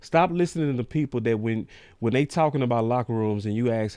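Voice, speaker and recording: A man's voice: mid-range voice, a little fast, darkish tone, clear, resonant tone, dry recording. A man hosting a sports talk show, ranting in a casual, slangy way.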